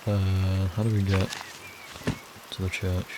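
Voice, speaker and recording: A man's voice: low voice, flat delivery, takes it slowly, very noisy. A man giving casual, rambling commentary while playing a video game. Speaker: gameplay streamer. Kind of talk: casual let's play commentary.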